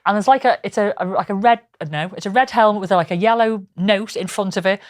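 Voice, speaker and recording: A woman's voice: mid-range voice, quick pace. Chatty woman co-hosting a podcast. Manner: chatty, describes images for listeners. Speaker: podcast co-host. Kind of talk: casual comedic chat.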